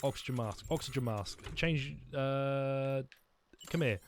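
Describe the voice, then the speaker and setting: A man's voice: mid-range voice, slow, soft background music. A man streaming a video game, rambling and joking with his chat as he plays. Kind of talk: let's-play commentary.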